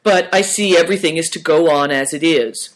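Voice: medium pitch, fairly quick, close to an everyday voice. A storybook reader voicing an anxious young boy servant who pleads and complains. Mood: whiny.

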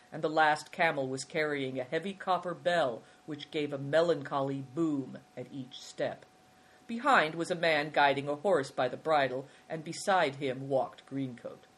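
A narrator reading a children's adventure story in a steady storytelling manner. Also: medium pitch, husky. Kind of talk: audiobook narration.

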